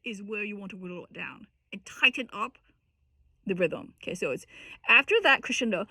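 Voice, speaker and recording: A woman's voice: mid-range voice, lively intonation, normal speed, pushed and bright, husky, no echo. A woman teaching a singing lesson, explaining technique with lots of restarts and breaking into short sung and spoken demonstrations.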